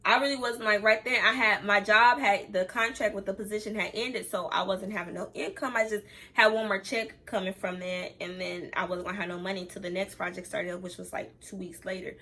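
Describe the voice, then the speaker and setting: A woman's voice: mid-range voice, fairly even intonation, a little fast, hardly any pauses, sharp tone. A young woman telling a personal story time on her vlog, candid and chatty, talking straight to her viewers and close to tears at times. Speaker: vlogger.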